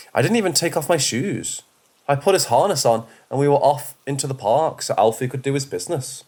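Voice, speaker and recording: A man reading scripted paranormal stories aloud as a first-person narrator, in a measured delivery with the odd stumble. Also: medium pitch. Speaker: storyteller. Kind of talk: scripted horror story narration.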